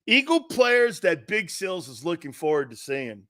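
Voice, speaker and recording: A man's voice: high-pitched, very animated, measured pace, a bit bright. A man hosting a casual live sports talk show who keeps breaking into laughter, jokes around and answers viewer comments by name.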